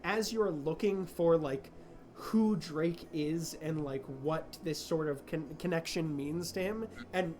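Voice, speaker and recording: A man's voice: fairly high pitch, takes it slowly, a little mellow. A man narrating a tabletop game as game master, rambling with many fillers and breaking into laughter.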